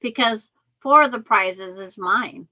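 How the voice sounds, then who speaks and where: A woman with a bright, forceful voice makes blunt, playful quips as a guest on a quilting video call. Her sound comes through dull and lo-fi, like a weak call connection. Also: medium pitch, takes it slowly. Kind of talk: casual chat.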